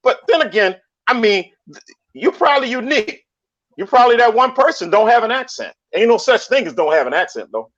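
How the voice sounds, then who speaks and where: A man talking in a casual online debate, animated, often repeating and restarting his phrases. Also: very high-pitched, fairly quick. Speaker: panelist in online discussion. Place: lives in Colombia. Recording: dull lo-fi stream audio.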